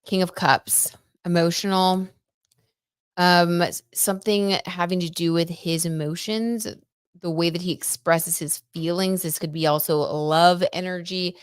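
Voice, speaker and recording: A woman's voice: fairly low pitch, fairly even intonation, unhurried, clear, resonant tone, no echo, clean studio sound. A young woman hosting a casual live tarot reading, chatty and gushing, with lots of "like" and "oh my gosh". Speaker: tarot reader and live stream host.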